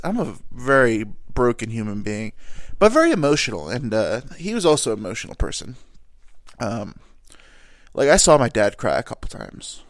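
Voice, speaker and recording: A man's voice: medium pitch, dry recording, studio quality. A young man hosting his own podcast, talking in a rambling, self-deprecating way with crude jokes. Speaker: podcast host. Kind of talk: casual solo podcast monologue.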